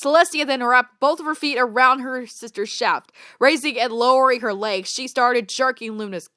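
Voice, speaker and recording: Woman reading cringey fanfic out loud, trips over words, high voice, dry sound. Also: moderate pace, no room sound. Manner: stumbles over words, bursts of disbelieving laughter. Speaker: fanfiction reader. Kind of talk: comedic read-aloud with reactions.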